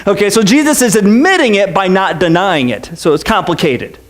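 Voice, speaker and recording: A pastor with a notably high-pitched, expressive voice preaches a casual, joking sermon in church. He says "okay" often and quickly restarts his sentences.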